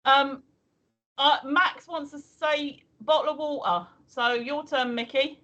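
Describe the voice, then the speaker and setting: Giggly high-voiced woman streamer. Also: fairly even intonation, slow, pushed and bright, lo-fi sound. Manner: chatty, giggly, reads viewer messages aloud. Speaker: co-host of a livestream. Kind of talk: casual chat.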